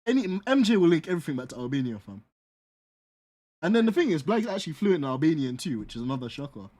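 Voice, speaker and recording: Animated young London man, sim racer. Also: a little high, fast. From North London. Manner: laughing, slangy, teasing. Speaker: sim racing streamer. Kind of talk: casual banter while gaming.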